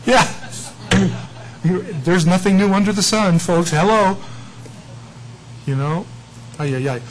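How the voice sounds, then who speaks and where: Animated high-voiced male pastor. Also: slow pace, a little hiss or hum, poor audio. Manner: conversational, animated, self-mocking. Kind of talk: casual Bible teaching.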